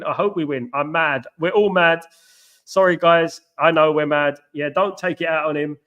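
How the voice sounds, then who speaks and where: A man's voice: fairly high pitch, a bit bright, smooth, lo-fi sound. A man hosting a live football watchalong, chatting casually and reacting with exasperation while answering viewers. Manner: exasperated, talks to live chat. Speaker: watchalong host.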